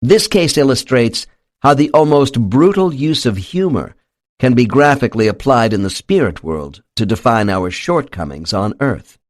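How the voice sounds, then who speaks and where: A man reading a book aloud in a measured, expressive way as the host of a channel. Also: medium pitch, no echo, studio quality. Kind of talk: slow dramatic book reading.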